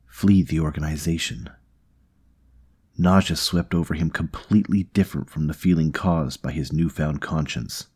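Deep, husky male audiobook narrator. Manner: steady, measured storytelling. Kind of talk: scripted narration.

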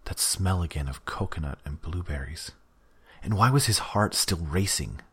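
A man narrating an audiobook in a steady, even reading. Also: low-pitched, normal speed, breathy edge.

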